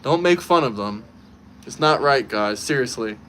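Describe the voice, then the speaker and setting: A man's voice: medium pitch, lively intonation, moderate pace, fairly bright tone, slight background noise. A man hosting a casual livestream from his own setup, talking straight to his chat in a combative, mocking way. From United States. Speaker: livestream host.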